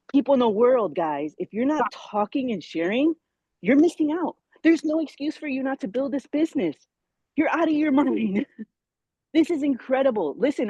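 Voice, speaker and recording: Tearful, excited woman on a video call. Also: a little high, slightly rough, no room sound, lo-fi sound. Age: 40s. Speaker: team member sharing a success story. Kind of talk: emotional testimonial on a video call.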